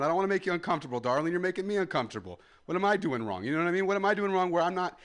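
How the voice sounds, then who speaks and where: A man in his twenties doing a stand-up comedy set, ranting loudly at the crowd and then dropping to a mutter. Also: high voice, lively intonation, racing, hardly any pauses. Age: 20s. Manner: loud ranting crowd work, swings between yelling and muttering.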